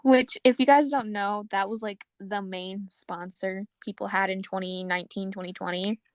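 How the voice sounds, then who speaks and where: A woman's voice: medium pitch, moderate pace, dry recording. A young woman co-hosting a casual podcast, chatting loosely, swearing and laughing often. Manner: laughing, swearing, animated storytelling. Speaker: podcast co-host. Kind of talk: casual chat.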